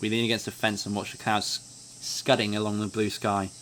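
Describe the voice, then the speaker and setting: A man hosting a gaming video, reading game subtitles aloud in a relaxed, chatty way between his own comments. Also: fairly low pitch, fairly quick, slight background noise.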